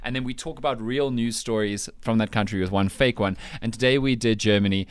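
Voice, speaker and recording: A man hosting a breakfast radio show, excitable and self-mocking as he laughs his way through the chat. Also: on the low side, brisk, hardly any pauses, smooth, no room sound, studio quality. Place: radio studio.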